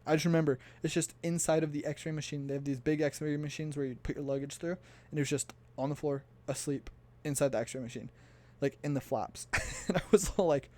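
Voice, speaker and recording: A man's voice: a little high, steady tone, fairly quick, a little mellow. A young man from the United States casually telling a story for his vlog, chatty and laughing as he recounts. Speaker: vlogger.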